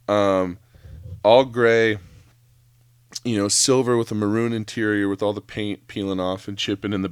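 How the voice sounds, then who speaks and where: Cursing rambling guy on his own podcast, lowish voice, dead dry sound. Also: no echo. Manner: profane, rambling, lots of fillers. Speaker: podcast host; former chef. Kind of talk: solo rant podcast.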